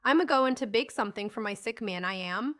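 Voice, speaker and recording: Woman doing a stubborn little girl, earnest, insistent, high and bright. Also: expressive, brisk, dry recording, studio quality. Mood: earnest child.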